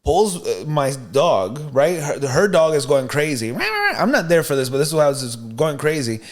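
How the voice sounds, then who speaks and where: A man co-hosting a podcast, telling a story in a casual, animated, slangy way. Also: fairly high pitch, normal speed. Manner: animated, slangy, "you know what I mean", "bro". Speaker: podcast co-host.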